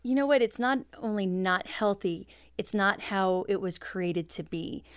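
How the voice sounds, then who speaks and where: A woman's voice: mid-range voice, unhurried, clear, resonant tone, dry recording, studio quality. A middle-aged woman, a guest author, talking earnestly about faith and marriage, with frequent "you know" fillers. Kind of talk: earnest faith-based interview talk.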